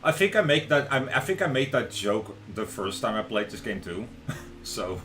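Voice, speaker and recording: A young man streamer reading a visual novel aloud on a live stream, relaxed and cracking jokes in between. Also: fairly low pitch, normal speed, music in the background.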